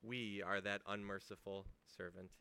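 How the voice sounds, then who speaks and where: Bright-voiced man preaching conversationally. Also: lowish voice, little pitch movement, measured pace, clean tone. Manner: conversational, emphatic, rhetorical questions. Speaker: pastor. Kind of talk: sermon.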